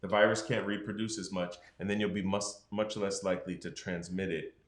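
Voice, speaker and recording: A man's voice: low-pitched, steady tone, fairly quick, echoey room. A man, a doctor, explaining health matters frankly in a casual podcast conversation. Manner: explanatory, frank, acts out patients' voices.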